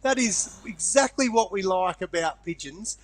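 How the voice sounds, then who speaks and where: An Australian man co-hosts a podcast with a notably high voice. He fires off wisecracks and dry jokes in easy, casual banter. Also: lively intonation, a little slow. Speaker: podcast co-host. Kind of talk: casual chat.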